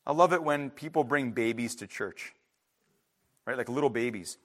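A man's voice: mid-range voice, moderate pace, fairly bright tone. A man preaching a sermon in an emphatic, conversational way, with frequent restarts and asides to the congregation. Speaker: pastor.

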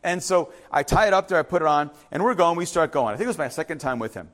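A man's voice: fairly high pitch, fast. A middle-aged man, a pastor, telling a story in his sermon and then preaching with rising emphasis.

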